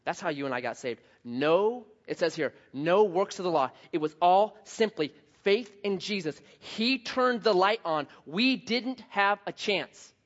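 A man with a high voice preaching a sermon in a church hall. He tells stories in an animated way, acting out voices and sound effects. The recording sounds slightly dull and muffled. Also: unhurried, hardly any pauses. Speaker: pastor. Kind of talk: sermon with storytelling.

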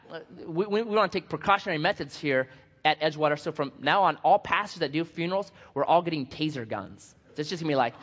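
Lively, animated male pastor preaching. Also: fairly high pitch. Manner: animated and joking, swings from loud to hushed. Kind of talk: sermon. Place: church sanctuary. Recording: dull sound with long hall reverb.

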